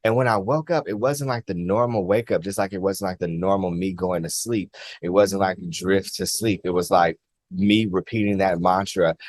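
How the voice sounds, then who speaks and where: A low-voiced man tells a personal story to his viewers in an earnest, halting way. He circles back, restarts and repeats phrases, filling gaps with likes. The sound is close and dry. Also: fairly even intonation, no room sound. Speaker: vlogger.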